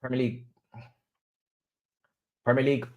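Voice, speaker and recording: A young man hosting a live football watch-along, swinging between low murmurs and excited chanting. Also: normal speed. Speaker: livestream host.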